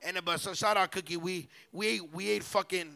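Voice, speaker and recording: Brief: young man, bright and high-pitched, profane rambling storyteller at a live show. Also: steady tone, a little fast, vocal fry. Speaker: podcast co-host. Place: live pop-up show venue.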